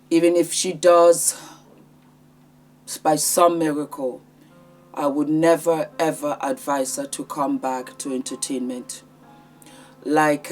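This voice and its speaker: A woman with a slightly low voice talks through celebrity news in an earnest, heartfelt vlog. She speaks conversationally and emotionally. Soft music plays faintly underneath. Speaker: vlogger.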